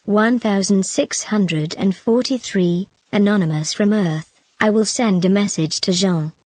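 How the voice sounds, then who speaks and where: A woman's voice: mid-range voice, measured pace, a little mellow, no room sound. Woman reading a web novel, dry sound. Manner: reads numbered online comments one after another. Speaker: narrator.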